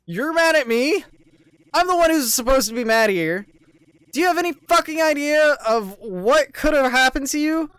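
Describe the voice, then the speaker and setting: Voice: mid-range voice, very animated, normal speed, no room sound, voice pushed up, close to an everyday voice. A voice actor doing a furious swearing young man. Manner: shouting, swearing, contemptuous. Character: angry foul-mouthed young man.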